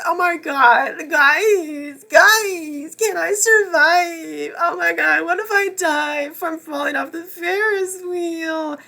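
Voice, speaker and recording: A man mocking a melodramatic young woman, gasping and whining in a high, fake-sobbing voice. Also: gravelly, sharp tone, full character voice. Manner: shrill, gasping and whiny.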